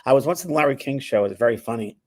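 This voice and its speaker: A man's voice: medium pitch, lively intonation, very fast. A man hosting a casual chat, telling anecdotes and acting out the voices in them. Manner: chatty storyteller, acts out quoted voices, laughs often. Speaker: spiritual medium and show host.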